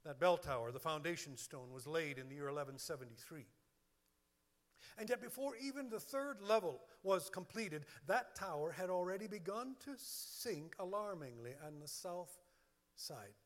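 High, lively pastor preaching in a reverberant hall. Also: male voice, normal speed. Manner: emphatic, lists words one by one. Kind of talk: sermon.

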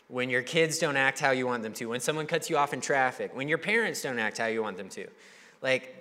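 Conversational young pastor in a reverberant hall. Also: male voice, on the high side. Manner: conversational, animated, acts out quoted voices. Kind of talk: sermon.

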